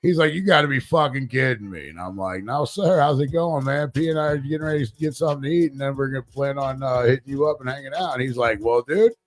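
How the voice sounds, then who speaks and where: A man co-hosting a live talk show, telling a rambling, profane, animated story about winning a raffle. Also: medium pitch, fast, hardly any pauses. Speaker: podcast co-host. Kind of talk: casual storytelling chat.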